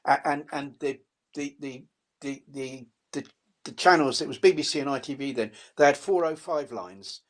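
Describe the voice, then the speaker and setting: A man's voice: mid-range voice, moderate pace. An older man chatting casually as a co-host, rambling with many restarts and laughs. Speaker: radio co-host. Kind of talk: casual chat.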